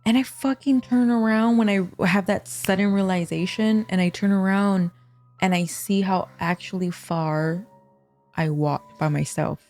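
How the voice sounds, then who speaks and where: A woman's voice: mid-range voice, a little slow, faint music behind. A young adult woman telling a spooky story in casual chat, swearing a lot and acting out what people said. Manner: profane, animated storyteller acting out quotes. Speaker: guest.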